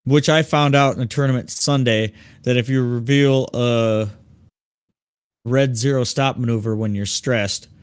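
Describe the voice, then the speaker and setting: A man of middle pitch co-hosting a podcast, talking through game rules in an easygoing, thinking-aloud way. His voice is recorded close and dry, with no room sound. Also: a little slow, smooth, no room sound. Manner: thinks aloud, relaxed, laughs easily. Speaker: podcast co-host. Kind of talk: casual podcast discussion.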